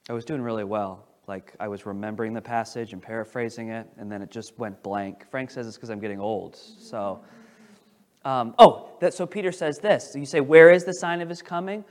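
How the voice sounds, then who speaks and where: A man preaching a sermon as pastor, animated, with restarts as he paraphrases scripture and swings between loud emphasis and quiet asides. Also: mid-range voice.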